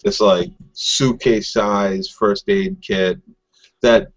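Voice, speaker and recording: A man's voice: lowish voice, steady tone, very slow, highs cut off. Laughing man joking about TV. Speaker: podcast co-host. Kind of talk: casual TV recap chat.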